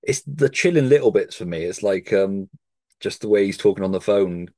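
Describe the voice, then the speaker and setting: A man's voice: low-pitched, lively intonation, moderate pace, mellow, no room sound. A man hosting a casual podcast chat about a horror film, eager and sweary, acting out lines from it. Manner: enthusiastic, swears, acts out quotes. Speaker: podcast host.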